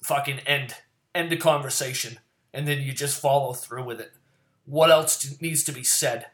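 A man casually giving his fantasy football picks in a rambling, profane rant that swings from loud and worked up to low muttering. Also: steady tone, moderate pace. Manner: profane, rambling and ranting, swears often; gets loud and worked up, then drops back to low mutters.

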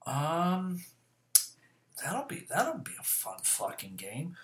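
A man's voice: a little high, wildly swooping pitch, slow pace, pauses often. Profane, rambling man in an echoey room. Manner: rambling, profane, fillers and self-corrections. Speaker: vlogger. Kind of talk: casual chat to camera. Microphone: camera mic.

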